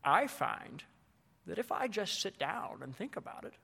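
A man quoting the lines of a calm, absent-minded elderly scholar in a soft, musing voice during a talk. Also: high voice, unhurried, vocal fry, husky, full character voice. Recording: long hall reverb.

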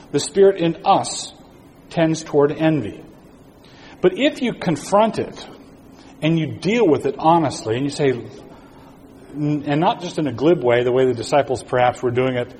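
A man's voice: fairly high pitch, a little mellow. A man giving an earnest sermon-style talk to educators, repeating phrases for emphasis and often restarting his sentences. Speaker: speaker at an educators' conference. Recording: long reverb in a hall with faint noise.

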